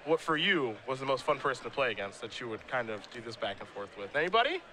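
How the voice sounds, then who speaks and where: A man calling a live game play-by-play in a relaxed, conversational way. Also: medium pitch, fast talker. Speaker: play-by-play commentator.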